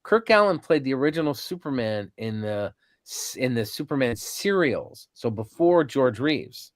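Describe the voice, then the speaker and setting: A man in his fifties tells stories as a podcast guest, animated and full of ums and restarts. His voice sits at a middle pitch. It sounds close and dry, with no room around it. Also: moderate pace, dry recording. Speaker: podcast guest, convention organizer. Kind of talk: casual storytelling interview.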